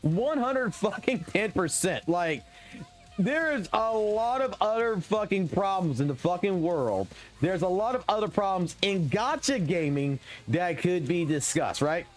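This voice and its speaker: A male game streamer rants live with nonstop swearing, and his voice leaps up and down as he gets worked up. He sits high for a man, and faint music runs underneath. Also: a little slow. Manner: heavy swearing, animated and excitable. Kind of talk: profane live stream rant while gaming.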